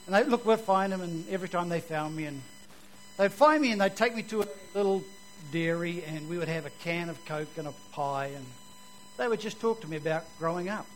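High-voiced New man telling his testimony. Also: brisk, slight background noise, poor audio. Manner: vivid storyteller, swings from loud to hushed. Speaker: speaker giving his testimony. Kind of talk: personal testimony told to an audience.

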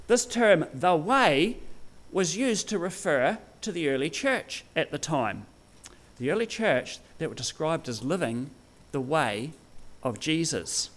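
A man's voice: fairly high pitch, fairly bright tone. A man giving a sermon to his congregation, joking with them and teasing people by name. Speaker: pastor.

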